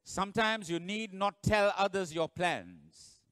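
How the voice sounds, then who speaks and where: A male pastor preaches with a bright, ringing voice that sits a little high. He tells the story with drama, swinging from loud bursts to low, hushed lines. The sound is close and dry. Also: takes it slowly, no echo. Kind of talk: sermon.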